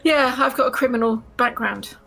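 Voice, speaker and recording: A woman speaks as a player at a tabletop game in a dry, matter-of-fact way. Her voice is bright with a gravelly edge, and faint music plays behind her. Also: fairly high pitch, moderate pace.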